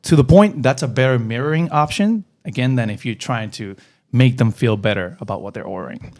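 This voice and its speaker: A man's voice: medium pitch, expressive, fairly quick, darkish tone. A man co-hosting a casual podcast about restaurant serving, explaining tips earnestly and swearing now and then. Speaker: podcast host, server.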